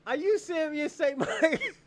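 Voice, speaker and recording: A man's voice: extremely high pitch, huge pitch swings, slow pace. A man hosting a livestream, giving heated commentary and taunting viewers in a mocking way that often breaks into laughter. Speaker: livestream host.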